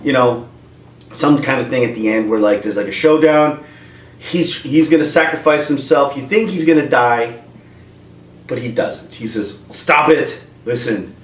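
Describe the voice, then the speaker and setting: A man's voice: medium pitch, moderate pace, slight background noise. A man giving a rambling, comic rant at home, breaking into voices. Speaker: video creator. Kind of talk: comedic rant. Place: room at home with a dog. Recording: roomy, distant from mic.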